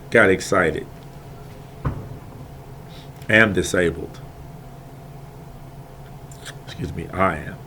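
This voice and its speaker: A man in an impassioned, digressive monologue, repeating himself and swinging between quiet talk and loud outbursts. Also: fairly low pitch, slight background noise. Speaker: video maker airing grievances.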